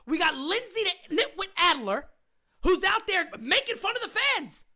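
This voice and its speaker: A woman hosting a fan live stream, ranting in a fiery, profane way, often shouting and repeating lines for emphasis. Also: very high-pitched, very animated, moderate pace. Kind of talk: heated live-stream rant.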